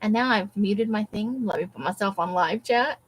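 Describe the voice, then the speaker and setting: A woman's voice: medium pitch, normal speed, slight background noise, poor audio. A woman hosting a casual crafting livestream from her craft space at home, rambling and talking to herself as she digs through her supplies. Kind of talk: casual live-stream chat.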